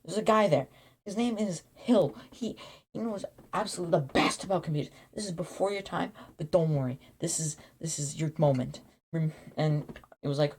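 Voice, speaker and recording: A man telling an absurd made-up origin story in a rambling, deadpan way, full of restarts and acted-out quotes. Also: on the high side, a little fast, vocal fry. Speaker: YouTuber.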